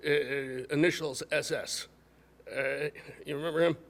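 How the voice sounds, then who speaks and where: A man telling a story in a casual chat as a defense attorney, halting and full of fillers. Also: fairly high pitch, fairly even intonation, gravelly. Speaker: defense attorney and podcast co-host.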